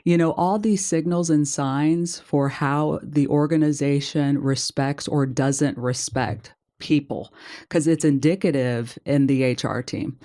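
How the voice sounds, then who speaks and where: A woman co-hosting a podcast, telling a story in a snarky, animated way and acting out the dialogue. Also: deep voice, a little slow. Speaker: podcast co-host. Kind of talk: casual chat, storytelling.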